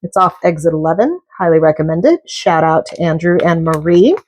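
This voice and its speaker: A middle-aged woman chats while she cooks, drifting from one story to the next with jokey asides. Her voice sits fairly low for a woman. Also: animated, moderate pace, darkish tone. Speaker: cooking vlogger. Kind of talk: casual chat while cooking.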